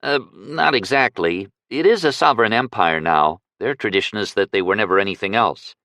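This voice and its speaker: A man's voice: on the low side, a little fast, bright, forceful tone, no room sound, studio quality. A male reader voicing a cautious, plainspoken young man who once lived as a beggar. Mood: plain. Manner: plainspoken, cautious, matter-of-fact.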